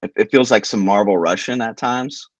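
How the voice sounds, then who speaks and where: A man with a somewhat low voice talks casually on a podcast, looping back on himself with restarts and fillers. He is recorded close and dry, with no room sound. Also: moderate pace, no echo. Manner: loose, rambling, many restarts and "like" fillers. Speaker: podcast co-host. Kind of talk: casual chat.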